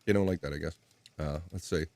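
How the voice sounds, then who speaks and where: A man's voice: fast, vocal fry, darkish tone, no echo, clean studio sound. A man hosting a casual live stream, reading out viewer comments with loose jokes and frequent laughter. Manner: loose, joking, laughs often, trails off low.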